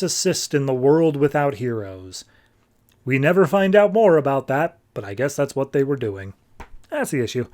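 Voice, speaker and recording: A man hosting a podcast, casually reviewing and recapping comics in a chatty, filler-heavy way, slipping into quick offhand character voices. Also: mid-range voice, darkish tone.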